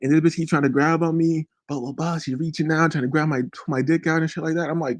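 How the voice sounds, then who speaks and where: A man's voice: a little high, fairly even intonation, quick pace, few pauses. A man hosting a podcast, telling a crude, profane story in a rambling way and often checking in with the listener. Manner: profane, rambling, keeps asking "you feel me". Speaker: podcast host.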